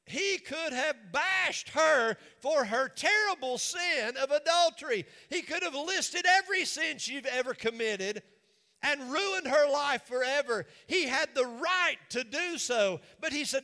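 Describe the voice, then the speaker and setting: A man's voice: very high-pitched, lively intonation, a little slow, bright, forceful tone. A man preaching a sermon in a church, with an emphatic, repetitive cadence. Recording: long reverb of a large hall.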